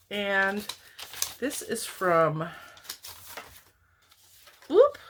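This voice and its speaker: A middle-aged woman vlogging from home, chatty and rambling as she opens mail from viewers, laughing often, her voice jumping high when excited. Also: vocal fry, slight background noise. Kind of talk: casual chat. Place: home, indoors, TV on in the room.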